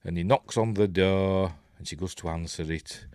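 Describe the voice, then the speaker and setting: A man's voice: low voice, normal speed, darkish tone, dry recording, studio quality. A man with a Yorkshire accent hosting a casual film breakdown, rambling through the plot with chatty asides and chuckles. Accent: Yorkshire English. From Yorkshire, England. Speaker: film review host.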